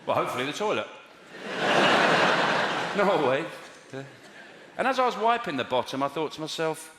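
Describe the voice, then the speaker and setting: A man's voice: on the high side, very animated, moderate pace. A man doing stand-up comedy, telling wry stories in a conversational way. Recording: echoey theatre with loud noise.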